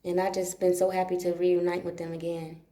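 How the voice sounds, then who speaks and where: A livestream host talks from a dark room at home in a casual, rambling monologue, cursing often and repeating herself for emphasis. Her voice is on the low side, monotone, mellow, and fairly quick, with a roomy sound.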